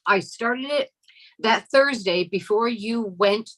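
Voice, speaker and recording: Woman guest, bright voice, halting, repeats herself. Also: on the high side, rough recording. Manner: halting, repeats phrases, searches for words. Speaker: community member, guest. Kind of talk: casual live Q&A.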